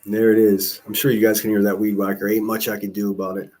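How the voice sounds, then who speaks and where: A man's voice: lowish voice, level tone, fast talker, darkish tone. A man, livestreaming in casual chat, rambling with profane jokes and asides.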